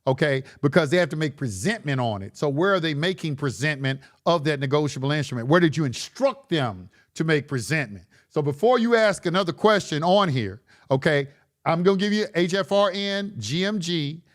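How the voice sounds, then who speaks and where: A man's voice: on the high side, lively intonation, fairly quick. A man hosting a live stream, reading chat questions and answering them in a blunt, lecturing way with casual slang, often repeating himself.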